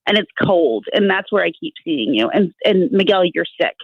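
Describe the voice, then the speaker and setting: A woman's voice: fairly low pitch, expressive, normal speed, slightly rough, no echo. A woman calling in as a guest medium, talking earnestly in a casual podcast chat, circling and repeating herself as she explains. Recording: tinny phone line, dry.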